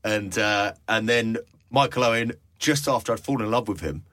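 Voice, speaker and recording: A man in his late twenties, a radio presenter, chatting in a casual interview and telling stories in a jokey, animated way. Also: fairly low pitch, moderate pace, dry recording, clean studio sound. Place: London.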